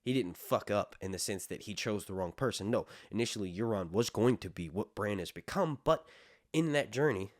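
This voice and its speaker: A man's voice: on the low side, lively intonation, brisk, no echo, clean studio sound. A man hosting a podcast, rambling casually through a lore breakdown with lots of fillers and some swearing. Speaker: podcast host.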